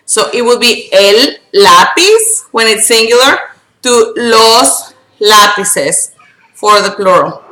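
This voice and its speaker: A woman teaching grammar to a student, patient and checking in often with "okay?", slowing down to spell words out letter by letter. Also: on the high side, very animated, bright, forceful tone, echoey room, rough recording. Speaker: Spanish teacher.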